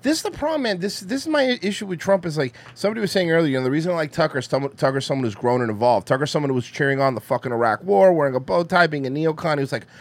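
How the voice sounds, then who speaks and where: Animated, profane podcast host man. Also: fairly high pitch. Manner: profane, fast rants. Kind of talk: casual political banter.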